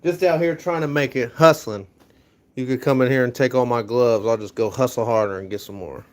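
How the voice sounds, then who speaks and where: A man's voice: mid-range voice, fairly quick. A young American man live-streaming from his home garage, chatting casually with viewers and giving rambling, upbeat pep talks while he sorts tools. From USA. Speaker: livestreaming garage vlogger.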